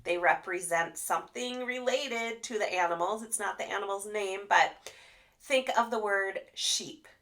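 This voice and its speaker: A woman speech therapist leads a casual training session for teachers and parents. Her mid-pitched voice has a slight gravelly fry, and she livens up her explanations with expressive demonstrations. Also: measured pace. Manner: animated, demonstrates sounds with expressive voice. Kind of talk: live online training talk.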